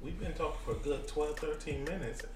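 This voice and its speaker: A man's voice: a little high, brisk, roomy sound, recorded from a distance, a loud crowd. A man co-hosting a casual podcast chat, telling stories with lots of feeling and acting out scenes. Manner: animated storyteller, acts out movie scenes. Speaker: podcast co-host.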